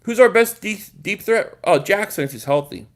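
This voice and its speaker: A man's voice: high voice, expressive, normal speed. A man hosting a live sports stream, reading viewer comments and chatting casually, often repeating words as he thinks aloud.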